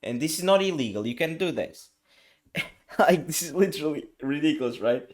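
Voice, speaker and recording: A young man casually recapping his own chess tournament game, telling the story in an animated, exasperated way full of slang and acting out what was said. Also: on the high side, moderate pace. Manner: animated, exasperated, slangy, acts out quoted lines.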